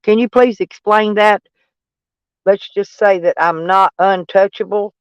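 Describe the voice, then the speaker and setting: A man from Arkansas with a Southern drawl chats on a live stream, rambling through viewer comments and poking fun at himself. His voice sits high for a man and comes across smooth and polished. The sound is dry and close, with no room echo. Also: fairly even intonation, measured pace. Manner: rambling, joking and self-mocking, breaks into laughs.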